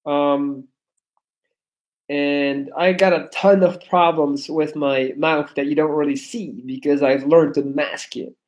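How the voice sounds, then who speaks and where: A man's voice: a little high, fairly even intonation, takes it slowly, darkish tone, poor audio. A young man with a non-native English accent, reading chat on a casual livestream, blunt, profane and joking. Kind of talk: casual live-stream chat.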